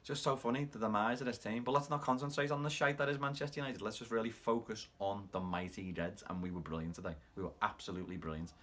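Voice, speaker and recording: Rattling through an animated match recap for his football fan channel, this host speaks with a Scouse accent and a lowish voice, delivering rapid play-by-play.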